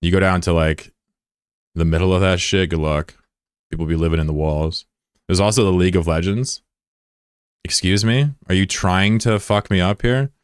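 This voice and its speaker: Low-pitched American guy streaming, cracking crude jokes while answering chat, dry close mic. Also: steady tone, moderate pace, pauses often, clear, resonant tone, no room sound. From United States. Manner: joking, profane, rambling asides. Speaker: live streamer. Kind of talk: casual chat, reading out viewer comments.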